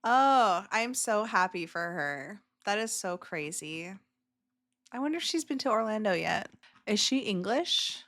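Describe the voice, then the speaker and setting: A woman's voice: mid-range voice, big pitch swings, a little slow, a bit bright. A woman hosting a casual reaction video who gushes emotionally over clips, with many filler words.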